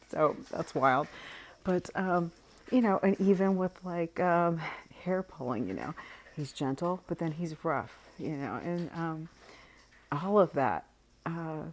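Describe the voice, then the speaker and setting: Low-voiced woman, frank and halting. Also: darkish tone. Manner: frank, halting, often laughs and trails off. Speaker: vlogger. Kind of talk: candid casual monologue.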